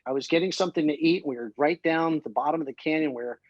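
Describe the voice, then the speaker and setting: Male guest, slightly high voice, dry close sound, rambling excited storyteller. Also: fast, no room sound, dull audio. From Columbus, Ohio. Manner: rambling, excitable anecdotes with many fillers. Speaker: guest musician. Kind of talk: casual interview storytelling.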